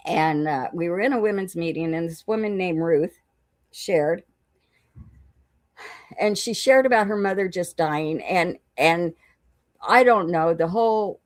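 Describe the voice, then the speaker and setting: A woman's voice: medium pitch, no echo. A middle-aged woman candidly telling her recovery story, emotional at times and retelling conversations as quoted dialogue. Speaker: guest sharing recovery story.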